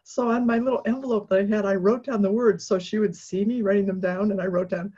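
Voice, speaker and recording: A woman guest in an interview, telling a personal story in a casual, animated way with many fillers and restarts, often laughing. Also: mid-range voice, fast, breathy edge. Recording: dull lo-fi recording.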